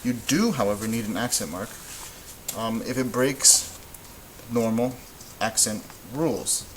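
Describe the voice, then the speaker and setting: A man's voice: medium pitch, a little slow, slight background noise, poor audio. A man teaching a lesson at a whiteboard, explaining step by step in a patient way and stopping to correct himself. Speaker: Spanish teacher.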